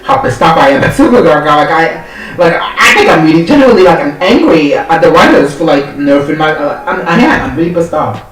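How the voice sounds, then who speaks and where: A man's voice: a little high, brisk, distant mic. Sassy ranting man in an echoey room. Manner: animated, sassy, profane, acts out characters' lines. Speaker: vlogger. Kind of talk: casual rant.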